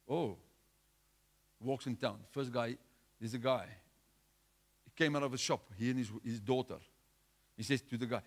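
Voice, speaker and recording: Exhorting male preacher, mid-pitched. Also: a little fast, long pauses. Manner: exhorting, with restarts and repetition. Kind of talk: sermon.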